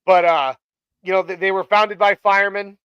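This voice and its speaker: A man's voice: sits high, steady tone, normal speed, a bit bright, clear, resonant tone, no echo, highs cut off. A man hosting a casual live stream chat, talking in a rambling way with many fillers and restarts. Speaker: host.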